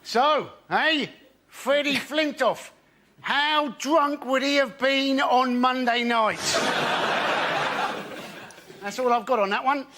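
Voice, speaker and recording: A man's voice: very high-pitched, slow, pauses often, background noise. A male comedian on a panel show making dry, sardonic jokes. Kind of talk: stand-up comedy routine.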